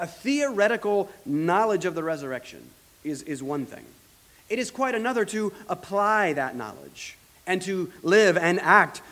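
A man preaching an earnest teaching sermon as pastor, slowing down to stress key points and letting his phrases trail off quietly. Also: fairly high pitch, in a large hall. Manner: earnest teaching, slows for emphasis, trails off softly.

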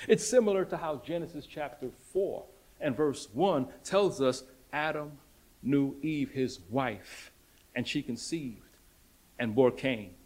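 A man preaching a sermon, emphatic and dramatic, swinging between loud declarations and hushed lines and repeating rhetorical questions. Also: medium pitch, takes it slowly.

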